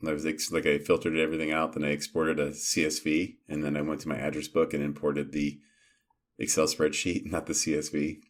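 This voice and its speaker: A man's voice: rumbling low, monotone, a little fast. A man co-hosting a casual tech podcast who tells joking personal anecdotes. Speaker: podcast co-host. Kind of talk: casual tech-security chat.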